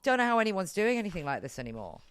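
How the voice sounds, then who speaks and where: A woman's voice: mid-range voice, big pitch swings, rapid-fire, clear, resonant tone, dry recording. A young adult woman co-hosting a podcast in casual chat, frank and rambling, often laughing. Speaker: podcast co-host.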